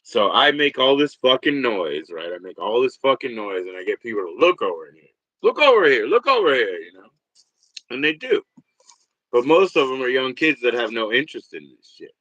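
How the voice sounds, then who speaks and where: A man in his forties hosting a livestream, rambling and swearing, jumping from loud bursts to mutters. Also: mid-range voice, lively intonation, normal speed, no echo, dull audio. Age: 40s. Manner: rambling, profane, swings between loud and muttered. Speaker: livestream host. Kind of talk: casual livestream rant.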